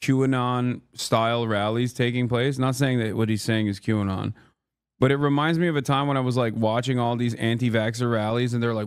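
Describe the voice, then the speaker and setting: A man's voice: medium pitch, fairly even intonation, brisk, clean tone. A male streamer reacting live, his mid-range voice heated and emphatic. He swears freely and repeats his points with rhetorical questions. The sound is dry and close, with no room echo.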